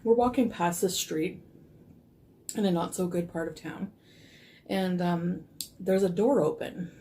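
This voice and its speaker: A woman's voice: on the low side, measured pace, warm tone, slight background noise. A woman telling a casual storytime in a rambling way, full of fillers. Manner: rambling, frequent fillers, laughs easily.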